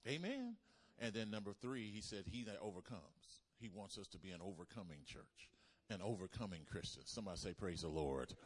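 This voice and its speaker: A man preaching a sermon as pastor, animated, calling the congregation to respond. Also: fairly low pitch, fairly quick, breathy edge.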